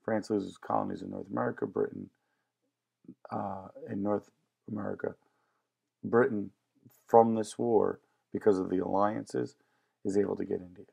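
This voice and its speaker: Man, history teacher, casual joking lecture, low gravelly voice. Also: fairly even intonation, moderate pace, pauses often, mellow. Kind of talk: classroom lecture.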